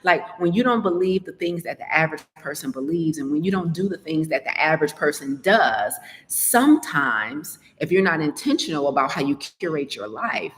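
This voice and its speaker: A woman coach gives a live podcast keynote in a chatty, conversational way and talks straight to her listeners. Her voice sits fairly low, and a long reverb trails behind it. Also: animated, normal speed, fairly bright tone. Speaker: health and business coach, podcast host.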